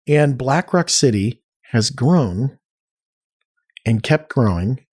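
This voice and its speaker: Brief: male guest, mid-pitched, chatty and animated storyteller who acts out quotes. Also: slow, breathy edge. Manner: animated storyteller, frequent restarts and acted-out quotes. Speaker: podcast guest, arts nonprofit cofounder. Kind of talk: casual conversational storytelling.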